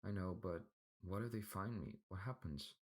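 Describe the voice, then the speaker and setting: A man's voice: sits low, moderate pace, pitched above the performer's own voice. A man doing a worried young boy hero. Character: thirteen-year-old boy hero, worried.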